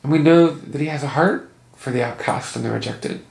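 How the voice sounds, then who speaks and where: In an echoey room at home with faint noise, a man offers a sincere, conversational Bible lesson for a casual video. His mid-range voice has vocal fry, and he speaks a little fast.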